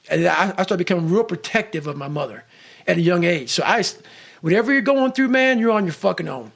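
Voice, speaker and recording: A middle-aged motivational speaker delivers an intense, profane monologue in a raised, gravelly voice, recorded close and dry with no echo. Blunt and constantly swearing, he drives a hard-edged message at a quick pace with lively intonation, swinging from low growls to sudden shouts.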